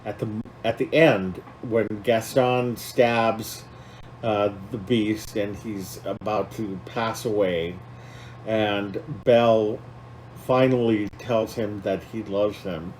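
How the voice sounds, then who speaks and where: Slow, heartfelt male podcast host. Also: on the low side, fairly even intonation, a little mellow, a little hiss or hum, rough recording. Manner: heartfelt, rambling with many fillers. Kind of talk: casual podcast chat.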